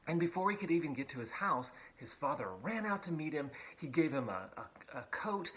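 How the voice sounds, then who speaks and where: A man's voice: mid-range voice, fairly bright tone, poor audio. A man, a pastor, giving a children's Bible lesson on video, upbeat and playful, with frequent fillers and emphatic repetition.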